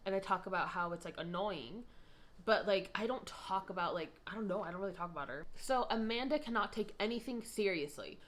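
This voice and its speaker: A young woman in her twenties telling a story in casual chat, rambling with frequent asides. She gets louder and higher when she is indignant. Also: expressive, a little fast.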